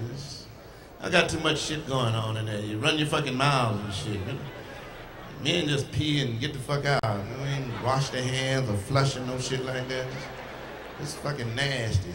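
Loud, profane stand-up comic working the crowd. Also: male voice, medium pitch. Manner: profane, loud, teasing the audience. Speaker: stand-up comedian. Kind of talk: crowd work in live stand-up. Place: large comedy venue with live audience. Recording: echoey live hall with room noise.

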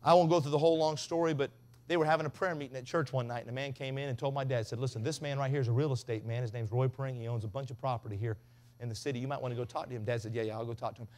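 A man's voice: mid-range voice, steady tone, rapid-fire. A man preaching a revival sermon, telling stories in a folksy way and acting out the voices of the people in them. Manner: folksy storyteller, mimics voices, builds to shouting. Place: revival tent.

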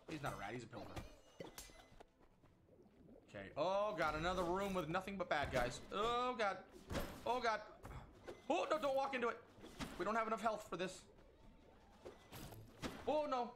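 Excitable male gameplay host, slightly high voice, lively delivery. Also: normal speed, pauses often. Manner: excitable, frequent exclamations, self-talk. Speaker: gaming channel host. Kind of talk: casual gameplay commentary. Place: at home. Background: game music.

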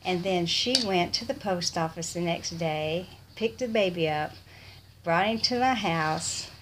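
A woman's voice: fairly low pitch, measured pace, background noise. A woman talking casually in an unboxing vlog. She gasps often and drops into awed whispers. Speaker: vlogger.

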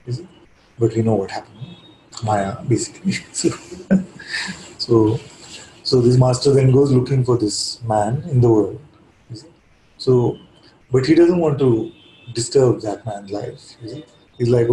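A man giving a calm, reflective spiritual talk, telling a parable and often checking in with his listeners. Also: mid-range voice, normal speed, a little hiss or hum. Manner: calm, reflective, keeps asking "you see?". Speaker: spiritual teacher. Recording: echoey room.

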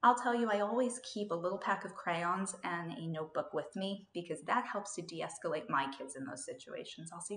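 Calm woman teaching parents in an echoey room. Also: lowish voice, fairly quick, few pauses. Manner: calm, steady explanations with acted-out parent lines. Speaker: parenting educator. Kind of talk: scripted instructional talk.

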